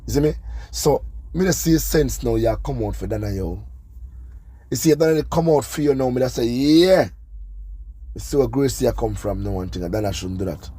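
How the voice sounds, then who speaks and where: A man's voice: mid-range voice, expressive, a little fast, warm tone, slightly rough. A Jamaican man hosting a gossip channel, talking casually and scolding, often asking "you see me". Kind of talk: casual commentary monologue.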